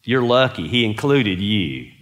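A man's voice: fairly low pitch, big pitch swings, unhurried, fairly bright tone. A middle-aged man preaching a conversational sermon, telling stories and putting earnest questions to his listeners. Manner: earnest, storytelling, asks the audience questions.

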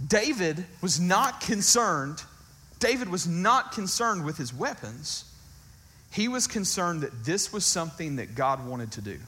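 A man's voice: a little high, sing-song, moderate pace, sharp tone. A man preaching a casual, conversational sermon, reading scripture aloud with emphasis and talking about it.

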